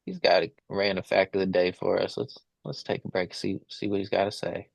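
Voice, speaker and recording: Host: man, low gravelly voice, dry close mic, relaxed. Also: a little fast, dry recording, poor audio. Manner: laid-back, laughs often, says "dude". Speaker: podcast host. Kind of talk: casual chat.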